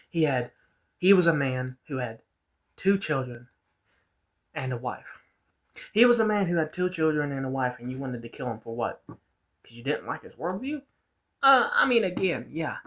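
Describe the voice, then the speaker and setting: Vlogger guy, rambling rant, repeats himself, middle pitch, plain delivery. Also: pushed and bright. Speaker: vlogger reacting to a video. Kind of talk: casual ranting commentary.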